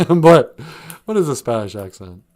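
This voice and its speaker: Joking man with a lively pitch. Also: unhurried. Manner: joking, laughs often, slips into silly voices. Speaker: podcast host. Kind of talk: comedic livestream podcast chat.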